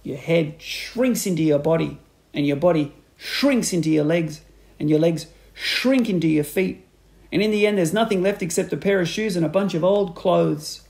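A man reading a storybook aloud, voicing a spiteful old man who taunts slowly and cruelly. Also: a little high, creaky, a little mellow. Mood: gloating. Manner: taunting, slow and drawn-out.

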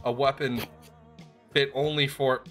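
A young woman streaming games live on a headset mic, excitable, laughing often and swearing freely. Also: extremely low pitch, unhurried, soft background music. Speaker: game streamer. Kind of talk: live gameplay commentary.

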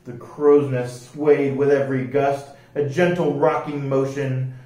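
A man reading picture books aloud as library storyteller, with a slow, lively rhyming delivery. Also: medium pitch. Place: library room. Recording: echoey room, distant mic.

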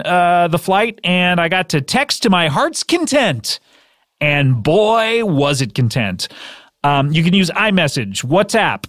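Lively jokey man hosting a podcast. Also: a little high, no room sound, studio quality. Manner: rambling, jokey, self-interrupting. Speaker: podcast host. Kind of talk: improvised ad read and hosting.

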